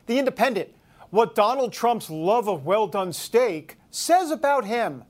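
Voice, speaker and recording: A woman's voice: a little high, very animated, measured pace, darkish tone. A woman hosting a talk radio show, reading headlines aloud with mocking sarcasm.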